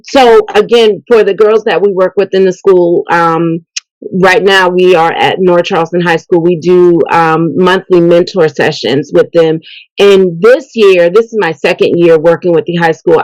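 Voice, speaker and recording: The audio is poor with no room sound, carrying a middle-aged woman's fairly low voice at a slightly slow pace. Interviewed on local TV, this event host and youth mentor speaks earnestly and animatedly about her work and her faith.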